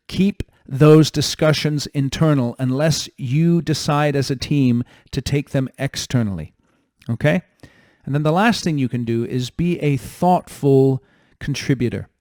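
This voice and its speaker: A man's voice: medium pitch, darkish tone, dry recording. Man giving direct coaching advice, dry sound. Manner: direct, coaching tone with numbered points. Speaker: podcast host. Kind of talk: solo advice talk.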